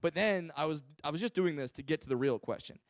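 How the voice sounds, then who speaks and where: A man's voice: fairly high pitch, animated, fast talker, dry recording. A man doing a stand-up comedy set, brash and crude, swearing freely as he tells stories. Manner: crude, brash, profane storytelling.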